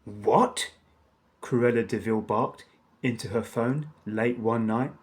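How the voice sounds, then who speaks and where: A man narrating a children's storybook aloud in a measured storytelling manner. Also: mid-range voice, fairly even intonation, darkish tone, a little hiss or hum.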